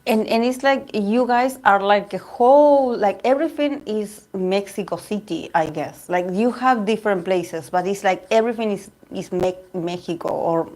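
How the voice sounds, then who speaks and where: Argentine woman, Spanish native, tarot host; rambling, restart-prone casual chat, mid-pitched. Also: normal speed, few pauses, darkish tone. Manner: chatty and rambling, with frequent laughs and restarts. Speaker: tarot reader and channel host. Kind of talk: casual livestream chat with viewers.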